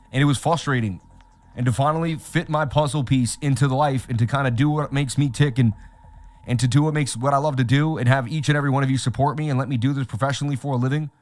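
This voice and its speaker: Hyped-up male livestream host. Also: mid-range voice. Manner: excitable, hype-man, repeats catchphrases like "baby". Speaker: crypto trading livestream host.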